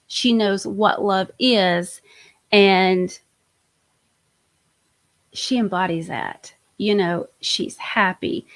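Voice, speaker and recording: A woman's voice: medium pitch, fairly even intonation, extremely slow, pauses often. A woman hosting a live-stream tarot reading, chatty and enthusiastic, often trailing off and restarting her sentences. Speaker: host, tarot reader.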